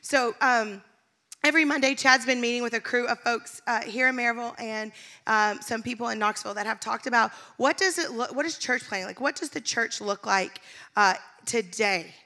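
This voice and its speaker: A woman's voice: fairly high pitch, moderate pace, sharp tone. A woman pastor speaking candidly to her church, emotional and laughing often. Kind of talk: sermon-style church announcement. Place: church stage.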